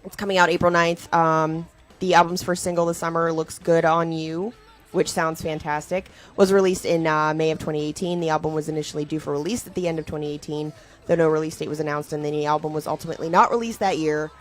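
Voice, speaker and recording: A woman in her thirties with a notably low voice, co-hosting a casual podcast. She is playful and quick to giggle, and she reads notes aloud over faint music. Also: steady tone. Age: 30s. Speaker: podcast co-host.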